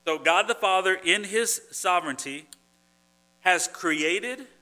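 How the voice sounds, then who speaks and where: A man's voice: high voice, slow pace, bright, forceful tone. A man preaching a sermon, earnest and conversational, who often restarts phrases and builds to emphatic points. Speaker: pastor.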